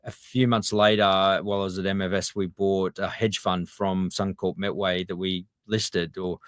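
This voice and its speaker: A man's voice: sits low, level tone, moderate pace, dry recording, clean studio sound. A podcast host in his fifties telling a story in casual conversation, rambling and hesitant with many ums. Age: 50s.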